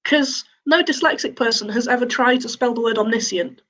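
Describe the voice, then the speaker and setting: A young woman with a Northern English accent doing a deadpan, self-mocking stand-up routine. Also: a little high, a little fast. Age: young adult. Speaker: stand-up comedian. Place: home, online showcase.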